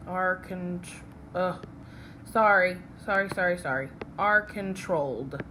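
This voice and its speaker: A woman's voice: on the low side, slow, background noise. A woman teaching a phonics lesson from slides. She is patient and checks in with "okay?" after each step.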